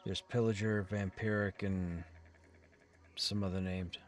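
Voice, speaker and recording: A man's voice: low-pitched, level tone, unhurried, faint music behind. A man streaming a game, chatting casually and musing aloud while reading chat questions.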